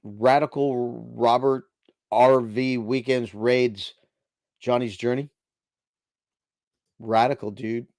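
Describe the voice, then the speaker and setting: A man's voice: medium pitch, fairly even intonation, slow, pauses often, a little mellow, no room sound, studio quality. Laid-back man chatting on a livestream. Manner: chatty, laid-back, reads chat aloud. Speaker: livestream host. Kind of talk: casual live chat reading viewer comments. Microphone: desk microphone.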